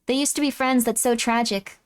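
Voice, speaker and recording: A woman's voice: fairly high pitch, fairly even intonation, brisk, clean tone. A woman streamer chatting casually while playing, gushing and rambling with lots of apologies. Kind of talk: casual live-stream chat. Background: game music.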